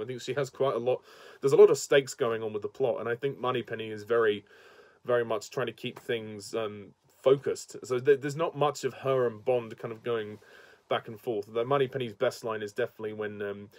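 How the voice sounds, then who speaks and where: A man's voice: mid-range voice, steady tone, brisk, dry recording. A man giving a casual, enthusiastic spoken movie review, chatty and laughing often. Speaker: film reviewer.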